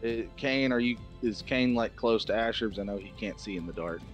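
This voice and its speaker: A man's voice: fairly low pitch, brisk, muffled recording, faint music behind. Blunt, swearing man at the game table. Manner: blunt, profane, urgent. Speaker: player. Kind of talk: in-character tabletop play, swearing.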